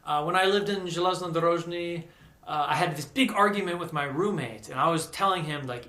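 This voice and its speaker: An American man telling a personal story in a casual, animated way, acting out the voices of the people he quotes. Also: on the high side, a little fast. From United States. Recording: echoey room.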